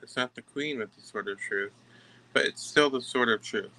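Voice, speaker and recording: A man giving a tarot reading to camera, emphatic and halting, often stopping to restart his sentences. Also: mid-range voice, bright, forceful tone, poor audio. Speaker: tarot reader.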